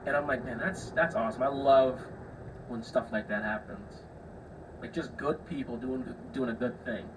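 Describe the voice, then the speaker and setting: A young man hosts his own podcast, spinning casual stories and acting out the people in them, with the odd curse word. His voice sits at an everyday middle pitch. It sounds a little distant from the mic over a faint background hiss. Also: fairly even intonation, a little slow. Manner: chatty, swears freely, acts out the people in his stories. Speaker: podcast host. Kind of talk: casual solo storytelling.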